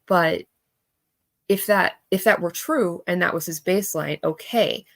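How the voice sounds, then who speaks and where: A woman hosting a commentary, explaining statement analysis in a halting, repetitive way. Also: on the low side, creaky. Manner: halting, repeats words while explaining.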